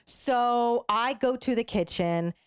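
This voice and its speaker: A young woman co-hosting a podcast, telling a story casually, animated and full of fillers, acting out what people said. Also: on the high side, takes it slowly, smooth. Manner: animated, acts out quoted voices, filler-heavy. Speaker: podcast co-host.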